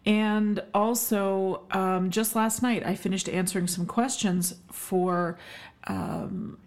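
A woman's voice: mid-range voice, steady tone, slow pace. A middle-aged woman from Canada hosting her own podcast solo, talking in an emphatic, effusive way with many ums and uhs. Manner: warm, emphatic, effusive with frequent fillers. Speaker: podcast host, health expert.

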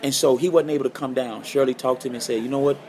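Here the podcast's guest guitarist talks at a quick pace in a mid-range voice. He's an animated storyteller, slipping into the voices of the people in his anecdotes.

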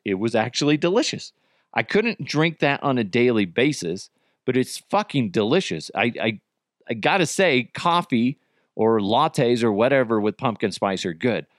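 A man's voice: mid-range voice, no room sound, clean studio sound. A middle-aged man hosting a podcast, ranting about news headlines in a profane, exasperated, comedic way. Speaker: podcast host.

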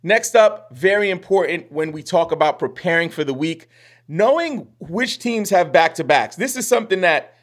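Casual podcast host, young man, slangy and chatty, voice on the higher side. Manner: chatty, slangy, acts out listeners' reactions. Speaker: fantasy basketball podcast host.

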